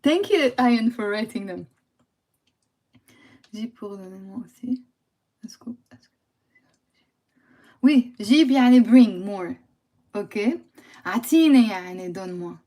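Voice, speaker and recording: A woman's voice: mid-range voice, animated, brisk, pauses often, mellow. A woman with a Lebanese accent teaching Arabic words on a live stream, playful, laughing and chatting with viewers. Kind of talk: live-streamed language lesson. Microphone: phone or computer mic on a livestream.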